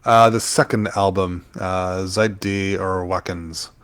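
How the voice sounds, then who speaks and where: Low-voiced man, halting podcast chat. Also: fairly even intonation, fairly bright tone, clean tone. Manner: halting, many fillers while recalling names. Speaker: podcast co-host. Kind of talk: casual chat.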